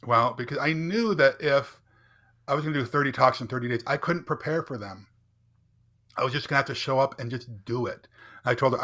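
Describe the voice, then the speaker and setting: Man, middle-aged, keynote speaker, podcast guest, candid storytelling, bright forceful tone. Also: mid-range voice, brisk. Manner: earnest, builds up with rhetorical "right?".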